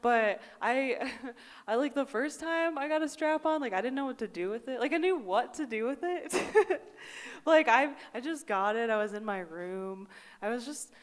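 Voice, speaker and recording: A young adult woman performing a stand-up comedy set on a live stage, excitable, often laughing and bursting into loud outbursts. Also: on the high side, normal speed, long reverb tail.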